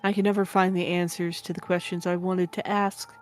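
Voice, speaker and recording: A woman's voice: on the low side, level tone, a little fast, faint music behind, close to an everyday voice. Kirigiri, a woman reading as a guarded girl detective. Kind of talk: dramatic reading of game dialogue.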